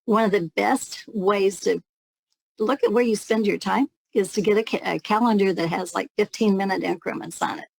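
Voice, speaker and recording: A woman's voice: medium pitch, normal speed, creaky, breathy edge, dry recording, low-quality recording. A woman telling a candid, reflective story as an interview guest, now and then laughing lightly. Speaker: guest, network marketing leader.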